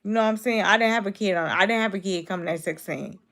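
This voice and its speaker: A woman's voice: mid-range voice, fast talker, fairly bright tone. Blunt twenty-year-old woman streamer. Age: 20s. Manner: blunt, repetitive, talks straight back to commenters. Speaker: YouTube streamer. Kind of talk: casual live-stream chat with viewers.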